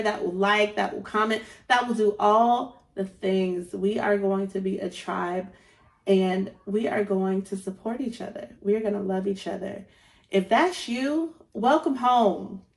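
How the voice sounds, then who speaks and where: A woman in her thirties hosting a faith podcast, talking earnestly and encouragingly and repeating phrases for emphasis. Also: medium pitch. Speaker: podcast host.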